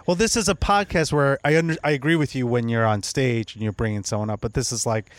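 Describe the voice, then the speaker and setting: A man hosts a laid-back podcast, talking in a loose, rambling way full of ums and restarts. His voice sits at an ordinary middle pitch. The recording is dry and close, with no room sound. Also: steady tone, fast talker, dry recording. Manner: rambling, loose plugs with fillers. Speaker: podcast host. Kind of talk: casual podcast chat and ad reads. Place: Los Angeles.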